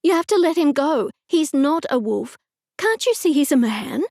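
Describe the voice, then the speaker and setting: A woman's voice: high voice, expressive, measured pace, darkish tone, no echo, studio quality, pitched above the performer's own voice. A woman narrator voicing the young heroine, agitated and protesting in an audiobook. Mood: horrified.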